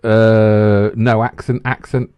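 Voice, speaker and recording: A man's voice: on the low side, slow, clean tone, no echo. A man from the bantering casually on a podcast as a co-host, laughing and swearing as he talks. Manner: animated, swearing, laughs often.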